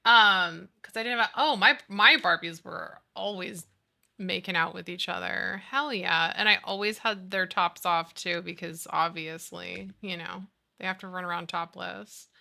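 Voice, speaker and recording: A woman's voice: fairly low pitch, a little slow, creaky, bright, forceful tone. A woman in her thirties chatting casually and animatedly with her live chat, giggling and gushing as she talks. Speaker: streamer.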